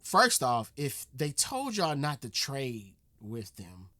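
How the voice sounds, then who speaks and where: An American man hosts a reaction video, speaking casually at a slow pace in a medium-pitched, pushed, bright voice whose pitch swoops wildly. He grows exasperated, repeats himself, swears, and says "bruh" a lot.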